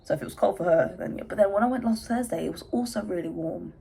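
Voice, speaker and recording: Chatty English woman with a gravelly voice. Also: mid-range voice, quick pace, dark tone, poor audio. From England. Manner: chatty, rambling, self-interrupting. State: hay fever, out of breath and sneezy. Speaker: vlogger. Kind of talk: casual chatty vlog. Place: bedroom at home.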